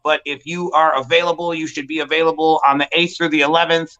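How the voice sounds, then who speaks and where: A middle-aged man co-hosting a podcast, telling stories in casual chat, loose and profane, often slipping into quick impressions of other people. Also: on the high side, highs cut off. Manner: animated, profane storytelling with put-on voices. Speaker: podcast co-host.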